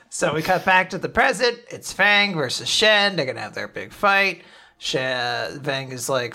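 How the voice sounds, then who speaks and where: Bright-voiced man recapping manga. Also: a little high, sing-song, measured pace. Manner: recaps scenes by acting out characters' lines. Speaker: podcast co-host. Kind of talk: casual manga recap chat.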